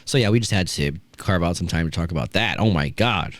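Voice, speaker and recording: A man's voice: deep voice, lively intonation, fairly quick, no room sound. A man hosting a casual wrestling podcast, ranting and swearing with mocking asides. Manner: profane, ranting, does mocking impressions. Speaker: podcast host.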